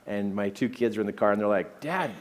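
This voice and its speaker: A middle-aged man giving a talk full of personal stories, animated and often laughing between phrases. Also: on the low side, quick pace, a little hiss or hum. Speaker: speaker.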